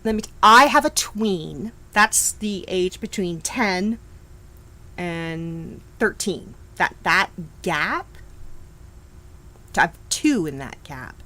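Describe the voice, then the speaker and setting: Slow, animated woman chatting live. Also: lowish voice, rough recording. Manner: chatty, reacts to chat, frequent restarts and laughs. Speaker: knitting designer and live-stream host. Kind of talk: casual live-stream chat.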